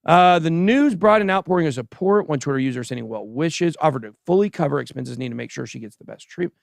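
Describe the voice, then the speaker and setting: A man hosting a casual livestream crypto show, giving animated and sarcastic commentary as he chats with a co-host and the live chat. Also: on the high side, quick pace, gravelly, no room sound, studio quality. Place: show studio stage.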